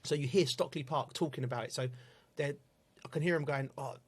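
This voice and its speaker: Laughing, high-voiced man. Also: a little fast, husky. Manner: laughing storyteller, animated. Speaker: football commentator. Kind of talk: casual chat.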